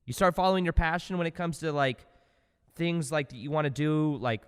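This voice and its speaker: A man hosting a spiritual self-help podcast, talking in a loose, casual motivational way, swinging from quiet asides to loud, excited bursts. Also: a little high, fairly quick, clean tone, long reverb tail.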